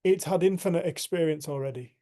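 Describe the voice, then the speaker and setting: A man's voice: fairly high pitch, brisk, mellow. A man speaking candidly to a group on a video call, earthy and frank, laughing at himself now and then. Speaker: group facilitator. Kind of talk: casual spiritual talk to a group.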